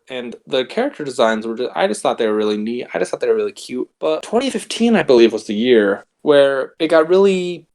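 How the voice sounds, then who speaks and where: A young man hosting a comedy podcast, rambling and cutting himself off, with deadpan jokes. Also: medium pitch, vocal fry. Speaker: podcast host.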